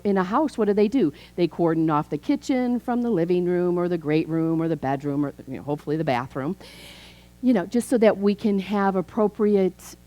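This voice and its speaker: Her voice is on the low side and mellow, captured in poor audio. She's a minister in her fifties from Chicago, preaching a chatty sermon where she tells stories and acts out the dialogue.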